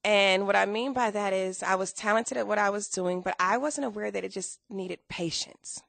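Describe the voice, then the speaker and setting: A woman in her thirties, a guest telling her story in a casual interview, animated and acting out quoted dialogue. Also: mid-range voice, normal speed, vocal fry, no room sound.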